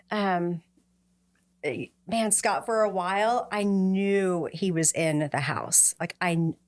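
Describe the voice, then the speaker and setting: A middle-aged woman speaks as a podcast guest and tells a personal story from the heart. Her voice sits at a medium pitch. When she quotes other people, she lifts it into livelier voices.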